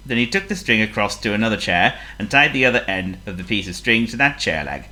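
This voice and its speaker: A woman reading a children's story aloud, expressive and playful, asking the listener questions. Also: very deep voice, brisk.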